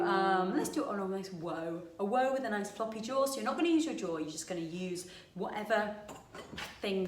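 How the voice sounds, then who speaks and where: A woman teaching a singing lesson, coaching gently and breaking into sung demonstrations. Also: medium pitch. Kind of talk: vocal warm-up lesson. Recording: roomy sound with piano.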